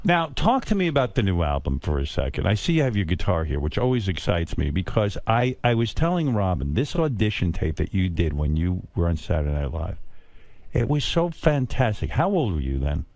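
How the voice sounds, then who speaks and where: Casting: male talk-radio host, teasing, stammers, animated pitch, dry studio mic. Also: brisk, no room sound. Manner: probing, teasing, stammering repeats. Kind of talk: casual interview chat.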